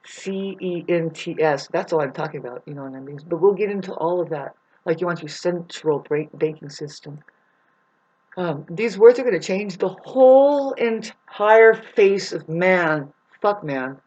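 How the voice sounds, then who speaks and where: Husky-voiced woman rambling, muffled recording. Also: lowish voice, animated, normal speed, a little mellow. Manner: rambling, profane, laughs often. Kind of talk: rambling spiritual monologue.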